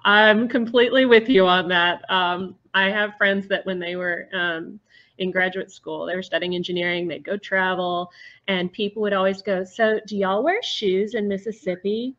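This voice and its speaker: A woman's voice: on the low side, steady tone, normal speed. A woman from the American South hosting a podcast, chatting casually and backing up her guest with frequent affirmations. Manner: warm agreeing listener, frequent affirmations. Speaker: podcast host. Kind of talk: casual interview chat. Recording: dull lo-fi remote audio.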